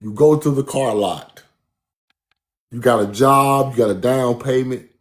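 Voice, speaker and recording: A man's voice: mid-range voice, a little slow. A man giving a casual, emphatic street-style lecture, repeating his points and calling the listener bro. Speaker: speaker giving a talk.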